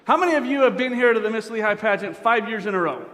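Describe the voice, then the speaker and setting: A man's voice: sits high, fast. Joking male emcee in a big hall. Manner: joking, playful, quizzes the audience. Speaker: pageant emcee. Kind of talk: crowd warm-up banter. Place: large indoor auditorium. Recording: reverberant hall with crowd noise.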